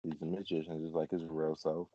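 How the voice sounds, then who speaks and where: A very low-voiced man chatting casually on a fan podcast, rambling along with plenty of "like"s. His voice sits dry and close, with a dull, lo-fi sound to the recording. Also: little pitch movement, fairly quick, mellow, dry recording. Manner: laid-back, rambling with many "like"s. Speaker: podcast co-host. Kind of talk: casual chat.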